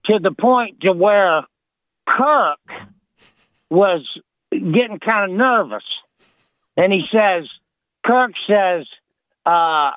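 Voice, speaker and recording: A man's voice: sits high, lively intonation, extremely slow, long pauses, no room sound. A man co-hosting a radio show, telling a funny story in casual banter and building to the punchline. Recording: phone-like, dry.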